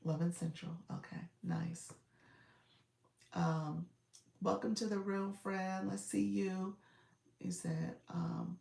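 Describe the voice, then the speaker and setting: Woman coach, casual live chat, gravelly edge, roomy and a bit off-mic. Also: medium pitch, steady tone, a little mellow, recorded from a distance. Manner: chatty, greets viewers by name, quick asides.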